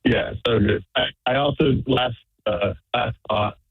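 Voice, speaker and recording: A man's voice: mid-range voice, fairly even intonation, a little slow, slightly rough, dry recording. A man calling in to a radio show, friendly and a bit hesitant. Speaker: caller. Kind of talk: phone call to radio show. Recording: tinny phone line.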